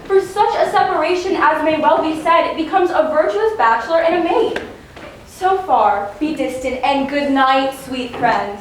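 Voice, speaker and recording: Woman playing a gentle, modest young noblewoman. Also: sits high, animated, measured pace. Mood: tender. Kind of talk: live stage acting. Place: theater stage. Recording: echoey theater from far off, background noise.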